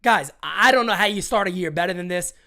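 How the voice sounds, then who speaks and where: A man hosting a fan sports livestream, hyped and chatty, rattling off shout-outs with frequent restarts. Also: sits high, brisk, gravelly. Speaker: livestream host. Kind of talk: energetic fan livestream talk.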